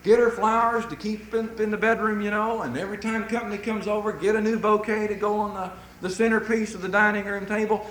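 A man preaching a sermon to a congregation, telling folksy stories in an animated way. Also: sits high, fairly quick, few pauses, roomy sound, slight background noise, poor audio.

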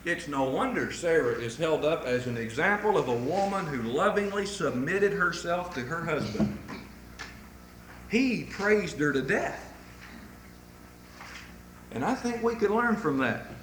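A man with a high, bright voice preaches a sermon in a church auditorium, swooping up and down as he spins folksy stories. The room gives his voice a roomy echo. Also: takes it slowly, pauses often, a little hiss or hum. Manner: folksy, animated storytelling.

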